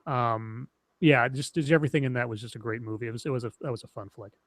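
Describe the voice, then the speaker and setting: Casting note: man, thirties, casual streamer chat, rambling and animated, close dry mic. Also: medium pitch, fast talker, dry recording. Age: 30s. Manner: rambling, animated storytelling with many restarts. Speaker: streamer co-host.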